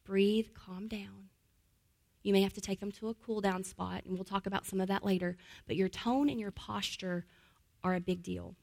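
A woman teaches trauma-informed care in a middle-pitched voice. She repeats key phrases for emphasis and often lowers into a calm, gentle tone to show how to soothe a child. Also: a little fast, gravelly. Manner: drops to a calm, soft voice to model soothing words. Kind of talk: teaching talk.

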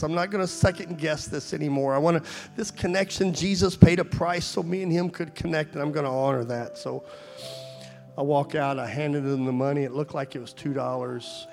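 A man's voice: fairly high pitch, a little mellow. A man preaching a sermon at a church service, telling a story and then pleading fervently with his listeners.

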